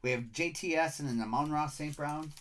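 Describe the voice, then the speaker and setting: Upbeat and chatty, this Michigan-accented middle-aged host runs a live card-break stream and reels off player names. He's from Michigan, USA, and speaks a little fast in a fairly bright, higher-pitched voice.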